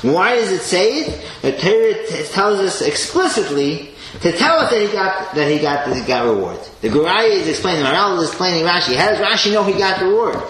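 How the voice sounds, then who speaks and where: A man teaching a Torah class with an animated delivery, swinging between loud emphasis and quiet asides and sprinkling in Hebrew and Yiddish terms. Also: high voice, a little fast, few pauses. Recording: echoey room with faint noise.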